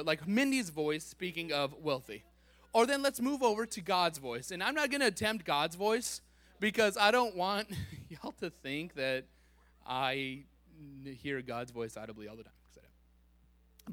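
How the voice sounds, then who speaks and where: A man giving a playful, animated sermon, joking with the congregation and laughing at himself. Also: high voice, moderate pace, dry recording. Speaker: preacher.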